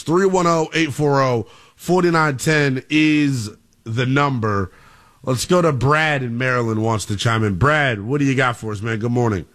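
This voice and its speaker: Animated man hosting sports radio. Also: medium pitch. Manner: animated, excitable, emphatic.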